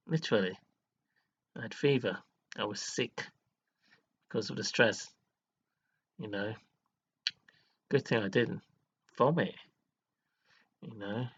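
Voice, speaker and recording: A mid-range, slightly bright male voice with a breathy edge comes through dull audio. This live streamer talks to viewers in an earnest, dramatic monologue, moving between scolding and praise and punctuating it with sudden laughs and sighs.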